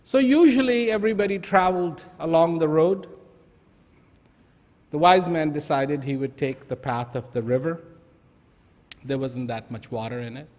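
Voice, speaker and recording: A man telling a parable to an audience in a slow, deliberate way. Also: fairly high pitch, a little mellow. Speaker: storyteller. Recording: long hall reverb.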